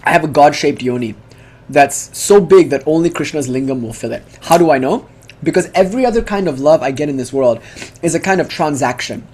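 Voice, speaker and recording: A man giving a casual, animated talk, full of asides, fillers and restarts. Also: a little high, a little fast, slightly rough. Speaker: speaker giving a devotional talk. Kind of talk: casual lecture.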